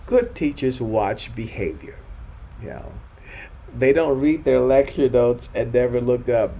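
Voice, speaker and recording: Older man, gravelly storytelling voice. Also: mid-range voice, warm tone, a little hiss or hum. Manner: reflective, frequent restarts, acts out quoted voices. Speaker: choral conductor speaking at a forum. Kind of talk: anecdotal storytelling talk.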